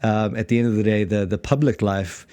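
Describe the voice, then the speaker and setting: Low-voiced South African man, dry sound. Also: fairly even intonation, brisk, dark tone, no echo. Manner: rambling, many restarts and fillers, laughs easily. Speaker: podcast host and pastor. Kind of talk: casual theology podcast chat.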